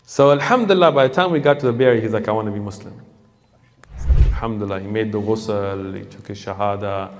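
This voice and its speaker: Gravelly-voiced man preaching. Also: on the low side, fast talker. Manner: lively storyteller acting out dialogue. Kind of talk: storytelling sermon. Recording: long hall reverb.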